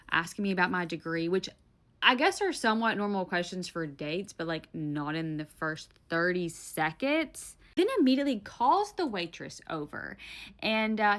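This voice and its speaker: A young woman with a light Southern accent tells a dating story straight to camera. Her tone is bright and a little sharp, animated and blunt, with flashes of exasperation and the odd curse. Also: mid-range voice. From Tennessee, US. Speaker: storytime vlogger. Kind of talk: casual storytime.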